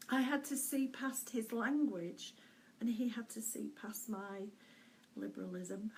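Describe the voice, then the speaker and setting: A middle-aged woman speaks as a spiritual medium in a fairly high voice, taking her time over every phrase. Her delivery is gentle and searching, with soft laughs and small hesitations. A faint hiss sits under the voice. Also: poor audio. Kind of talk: weekly spiritual message, casual and unscripted.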